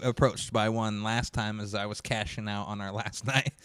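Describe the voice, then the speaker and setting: A man's voice: lowish voice, flat delivery, normal speed, a bit bright, clean tone, no echo. A man co-hosting a podcast in casual chat, laughing often and chiming in. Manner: laughs often, chimes in with agreement. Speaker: podcast co-host.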